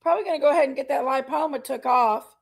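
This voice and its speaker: Lady livestreaming, high voice with gravel in it, calls everybody honey and y'all. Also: fast talker. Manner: chatty, greets viewers by name, says honey and y'all; emotional, open about personal struggles. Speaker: livestream host. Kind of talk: casual chat with live viewers.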